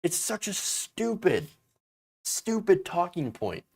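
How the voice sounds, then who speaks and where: A man's voice: high-pitched, sing-song, slow, creaky, darkish tone. A man hosting a political commentary show, ranting in a profane, exasperated and mocking way.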